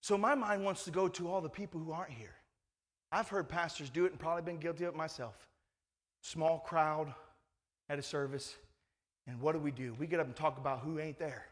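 A man's voice: fairly high pitch, fairly even intonation, fairly quick. A male pastor preaching a sermon in a conversational, emphatic way, full of rhetorical questions.

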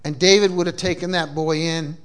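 A man's voice: on the high side, steady tone, fairly quick, clean tone. A man preaching a sermon with call-and-response cues and frequent repeated restarts, from New England. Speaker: pastor. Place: church.

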